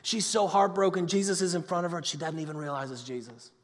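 High pitched guy preaching in a big church, casual, echoey hall. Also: fast. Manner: conversational preaching, swings from loud excited to hushed and intimate. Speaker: pastor. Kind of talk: sermon. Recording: long hall reverb.

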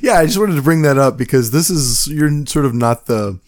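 A man's voice: mid-range voice, lively intonation, moderate pace, no echo, studio quality. A man hosting a podcast interview, hesitant, with many filler words. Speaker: podcast host. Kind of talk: casual interview talk.

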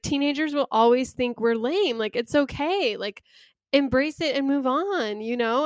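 A woman's voice: on the high side, no room sound, clean studio sound. A young adult woman co-hosting a podcast, talking casually with lots of fillers and frequent laughter. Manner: chatty, laughs often, filler-heavy. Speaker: podcast co-host. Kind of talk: casual chat.

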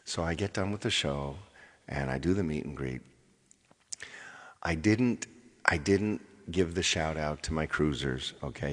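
A man's voice: rumbling low, fairly bright tone, husky, in a large hall. A man, a touring performer, telling his followers a rambling story in casual chat, repeating himself and checking in with "okay". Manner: rambling, repeats phrases, says okay often. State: tired. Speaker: touring performer addressing fans.

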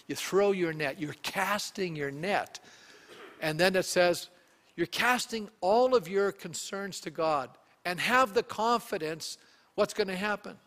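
A male pastor preaching a sermon, animated and often putting questions to the congregation. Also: sits high, measured pace, big-room sound.

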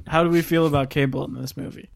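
A man's voice: on the high side, fairly even intonation, quick pace, vocal fry. A man hosting a casual movie podcast, moving the talk along with easygoing questions.

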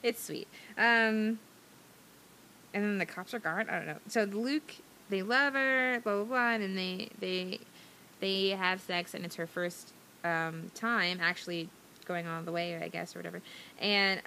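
Woman co-host, casual movie recap, rambling and giggly, bright tone. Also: on the low side, a little slow, a little hiss or hum. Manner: rambling, chatty, giggly, many fillers. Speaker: podcast co-host.

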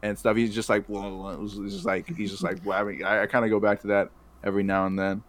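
Low-voiced young man joking around. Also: little pitch movement, fast, a bit bright. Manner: loose, joking, laughs along. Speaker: podcast co-host. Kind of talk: casual chat.

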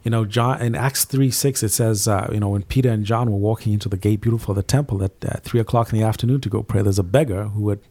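A man tells his story of faith as a guest, speaking quickly and earnestly. His voice sits low with a gravelly edge, and he often doubles back on his words mid-sentence. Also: fairly even intonation, warm tone. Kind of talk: faith testimony in casual interview.

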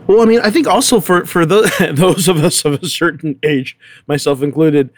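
A man's voice: a little high, moderate pace, dry recording. Chatty man, dry close sound. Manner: chatty, laughing, filler-heavy. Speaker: actor, acting teacher. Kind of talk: panel discussion.

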